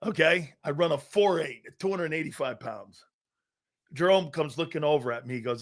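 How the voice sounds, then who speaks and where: Male sports talk host, a bit high-pitched, boisterous and laugh-prone, loose storytelling delivery. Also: normal speed. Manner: boisterous, laughs often, tells anecdotes. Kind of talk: live sports talk show chat.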